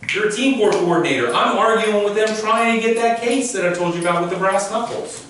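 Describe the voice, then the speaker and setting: A man's voice: high voice, fast talker, fairly bright tone. Chatty man telling stories in an echoey room. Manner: chatty, amused, laughs through anecdotes. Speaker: teen court coordinator. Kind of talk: storytelling talk to teens and parents. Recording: echoey room from far off with faint noise.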